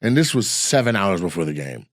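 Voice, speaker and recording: A man co-hosting a casual chat, telling animated stories and acting out the voices of the people in them. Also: sits low, fairly quick, dry recording, studio quality.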